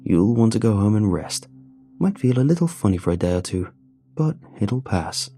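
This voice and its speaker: A man voicing a brisk, smug shopkeeper doctor who hurries a customer out, in a scripted story reading. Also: on the low side, very animated, mellow, slightly rough, soft background music, full character voice.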